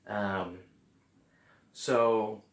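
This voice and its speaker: A man's voice: fairly low pitch, fairly even intonation, extremely slow. A man vlogging in a casual, earnest way, often restarting his sentences as he talks to the camera. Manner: earnest, rambling with frequent restarts. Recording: roomy echo.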